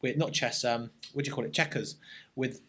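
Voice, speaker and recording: Army veteran, reflective storyteller. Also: male voice, mid-range voice, steady tone, pushed and bright, husky. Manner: reflective, army slang, halting restarts. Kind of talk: casual interview storytelling.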